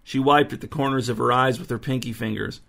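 A man narrating a story in a dry, even reading voice. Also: medium pitch, fast talker, vocal fry. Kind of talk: audiobook narration.

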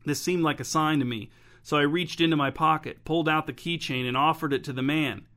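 A man's voice: fairly high pitch, fairly even intonation, fairly quick, pushed and bright. A man voicing an earnest young woman who tells her story through tears. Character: tearful, grateful young woman.

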